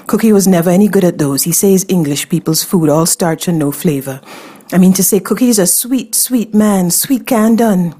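A man's voice: sits high, normal speed, warm tone, husky. A woman voicing a flamboyant, teasing male cafe cook in drag, with a sing-song, flirtatious manner. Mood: camp teasing.

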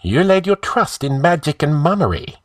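A man's voice: on the low side, expressive, measured pace, breathy edge, no room sound, studio quality, pitched above the performer's own voice. A man voicing an arrogant, scheming male outlaw who gives orders in a commanding, scornful way.

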